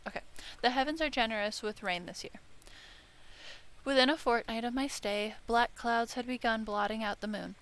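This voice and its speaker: A let's-play streamer reads the narration of a visual novel aloud, adding casual remarks and stumbling and correcting herself as she goes. Her voice is on the high side and a bit bright, at normal speed, with game music in the background.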